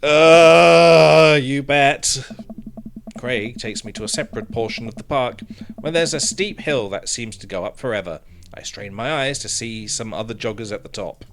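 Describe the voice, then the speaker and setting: A man's voice: lowish voice, brisk, a bit bright, slight background noise. A man streaming a game, reading its text aloud with joking, wry asides.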